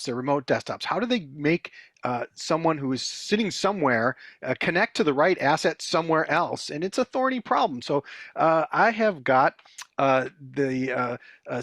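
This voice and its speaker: Male interview host, mid-pitched, chatty with fillers and restarts, dry close sound over faint music. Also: fairly bright tone, dry recording. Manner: conversational, with frequent fillers and restarts. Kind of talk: tech business interview.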